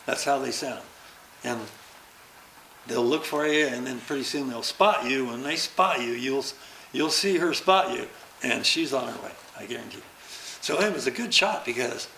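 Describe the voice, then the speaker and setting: An older man tells an old stunt story with lively, hands-on energy, acting out the beats as he goes. His voice sits in a roomy space, with a faint hiss in the background. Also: mid-range voice. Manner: animated, acts out the action with sounds and laughter. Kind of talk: anecdotal storytelling. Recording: roomy recording.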